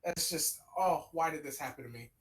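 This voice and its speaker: A man's voice: fairly high pitch, fairly quick, rough recording. A young man co-hosting a casual gaming podcast, rambling and swearing as he ranks characters. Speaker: podcast co-host.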